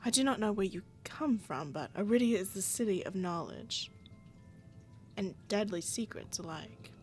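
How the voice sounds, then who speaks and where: A woman voicing a polite, formal male doctor who reads his game lines in a measured, courteous way. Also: mid-range voice, expressive, darkish tone, faint music behind, close to an everyday voice. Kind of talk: reading game dialogue aloud.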